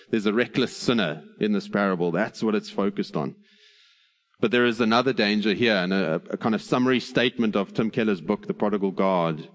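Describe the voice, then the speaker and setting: A man preaching an earnest sermon, slowing on key phrases and adding light humor. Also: fairly low pitch. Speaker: pastor.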